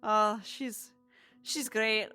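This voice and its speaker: A woman's voice: medium pitch, steady tone, extremely slow, sharp tone, smooth, soft background music. A woman voicing a casual, joking male friend in a tavern, a father of small children.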